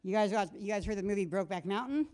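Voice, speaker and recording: A woman's voice: medium pitch, very fast, a little mellow. A middle-aged woman doing a stand-up set in a comedy club, rambling and crude, breaking off mid-sentence and laughing at her own jokes. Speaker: stand-up comic.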